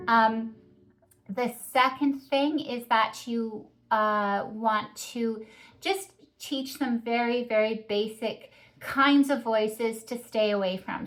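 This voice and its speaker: A woman's voice: a little high, a bit bright. A woman who teaches early childhood music, explaining singing techniques in a patient, practical way. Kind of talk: instructional talk.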